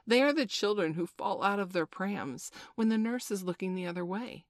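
A woman's voice: mid-range voice, normal speed, dry recording, studio quality, voice pushed up, natural voice. Peter Pan, a woman doing a cocky young boy. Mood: boastful. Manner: bright boyish storybook voice, lively and proud. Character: cocky merry young boy, boastful and impatient.

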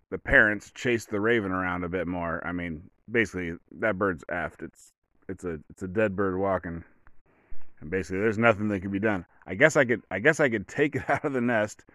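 A man's voice: lowish voice, a bit bright, no room sound, studio quality. A man hosting a podcast, talking in a rambling, blunt monologue that often restarts and corrects itself. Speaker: podcast host. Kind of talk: casual monologue.

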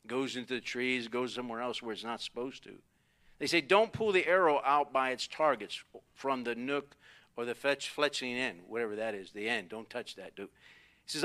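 A middle-aged man, a pastor, preaching a sermon and telling family stories, acting out the voices of the people in them. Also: medium pitch. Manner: animated storytelling, acts out quoted voices.

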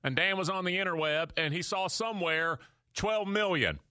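Man, sports radio host, high voice, sharp tense tone, dry close sound, emphatic rhetorical questions. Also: moderate pace, no echo. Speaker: sports talk show host. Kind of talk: animated sports radio talk.

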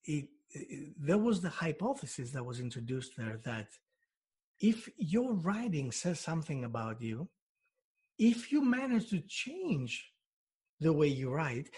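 Hypnotherapist guy, kinda high husky voice, explains stuff with lots of examples and restarts. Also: very animated, a little slow. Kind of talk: explanatory interview talk.

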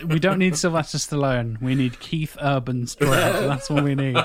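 A man chatting enthusiastically on a podcast, full of quick asides. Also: medium pitch. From England. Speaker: podcast guest. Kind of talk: casual chat.

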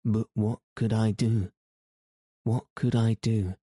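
Male narrator as a guilty husband begging forgiveness; dark tone, slow audiobook delivery. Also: fairly low pitch, level tone, no room sound, clean studio sound. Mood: pleading. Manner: pleading, pitiful. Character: guilty pleading husband, grown man. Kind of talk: audiobook reading.

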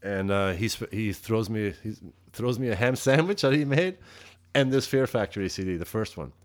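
A man's voice: lively intonation, moderate pace. A man from Europe, a metal musician, telling stories as a guest on a casual interview, swearing freely and acting out quoted lines. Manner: profane, laid-back, acts out quotes with rising pitch.

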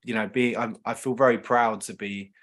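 A man's voice: lowish voice, fairly even intonation, normal speed, fairly bright tone. Enthusiastic man. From South London, England. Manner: enthusiastic, restarts a lot. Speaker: podcast guest, business owner. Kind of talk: casual chat.

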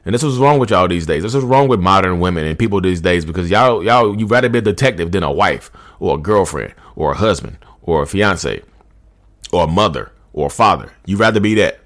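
A man's voice: deep voice, animated, a little fast, a bit bright, voice pushed down. A man acting out a manipulative boyfriend who turns the blame around, talking in an indignant, wounded, rambling way. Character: defensive gaslighting boyfriend, adult man, manipulative.

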